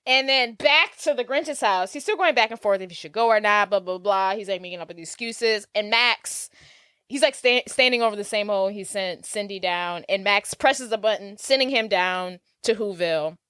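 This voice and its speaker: A woman's voice: medium pitch, moderate pace, bright, forceful tone, smooth, dry recording, studio quality. A woman co-hosting a podcast, casually recapping a movie scene by scene in a chatty, filler-heavy way. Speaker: podcast co-host.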